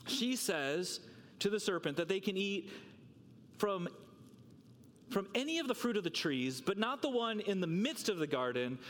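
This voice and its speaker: A man's voice: sits high, big pitch swings, normal speed, long pauses, fairly bright tone, long reverb tail, slight background noise. A man preaching a sermon, talking with rhetorical questions and repeating words as he works through a passage.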